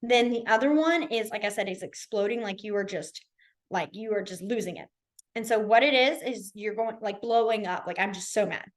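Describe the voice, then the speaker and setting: A woman's voice: mid-range voice, normal speed. A young woman casually teaching a beginner sign language class online, chatty with many fillers. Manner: chatty, lots of fillers, demonstrative.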